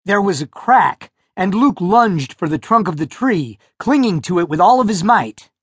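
A man reads a novel aloud in scripted narration, his voice moving lively up and down as he tells the story. The sound is dry and close, like a studio booth. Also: high voice, moderate pace, slightly rough, dry recording. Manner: expressive storytelling. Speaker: audiobook narrator. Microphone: close studio mic.

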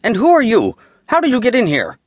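A man voicing a pompous, fussy middle-aged court steward who gives orders in a high, strained voice. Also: sing-song, moderate pace, no room sound. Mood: indignant. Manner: commanding, snappish. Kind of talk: audiobook character voice.

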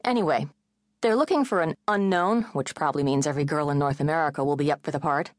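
A woman voicing an impatient, self-centered young woman in her twenties for an audiobook, talking sharp and fast. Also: low voice, dry recording, clean studio sound, lightly acted. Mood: exasperated. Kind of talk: audiobook character voice.

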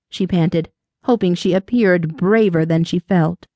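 A woman narrating an audiobook in an even, measured storytelling voice. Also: on the low side, no echo.

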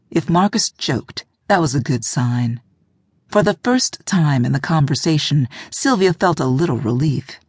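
A woman narrating an audiobook in a measured, reflective way, recorded in a studio booth. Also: low-pitched, expressive, darkish tone, breathy edge, dry recording.

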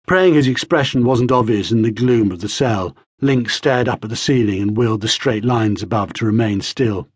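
Husky guy narrating an audiobook, measured, dry close mic. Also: fairly low pitch, no echo. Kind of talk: scripted narration.

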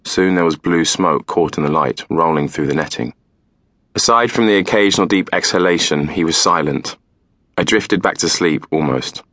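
Very deep calm male narrator. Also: dry recording, studio quality. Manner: calm, measured storytelling. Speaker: audiobook narrator. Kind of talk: scripted first-person narration.

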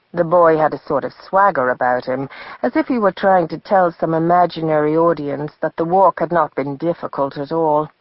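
A woman's voice: low voice, dry recording, highs cut off. Woman narrating an audiobook, dry sound. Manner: measured, storytelling. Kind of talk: scripted narration.

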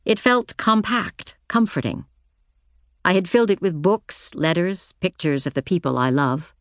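A woman narrating an audiobook in the first person, with a measured, reflective reading. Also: fairly low pitch, expressive, no room sound, studio quality.

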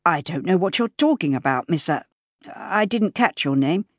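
A woman voicing a courteous, slightly flustered young gentleman in an audiobook. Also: on the low side, animated, normal speed, no echo, clean studio sound. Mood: polite. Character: polite awkward young gentleman. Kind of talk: audiobook character voice.

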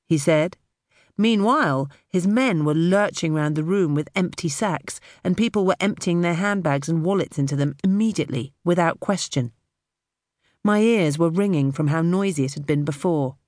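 A woman narrating an audiobook in the first person with expressive storytelling. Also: sits low, normal speed, no room sound, clean studio sound.

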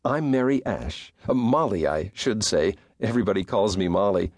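A man voicing a cheerful, trusting young woman in an audiobook, bright and eager. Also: fairly low pitch, animated, normal speed, no echo, studio quality. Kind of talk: audiobook character voice.

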